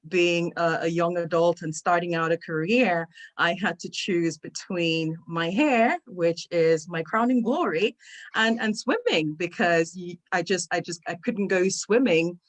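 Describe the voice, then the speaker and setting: A woman's voice: lowish voice, measured pace. A middle-aged woman, a guest speaker on an online talk, earnestly telling a personal story and repeating words when it gets emotional. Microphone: video call microphone.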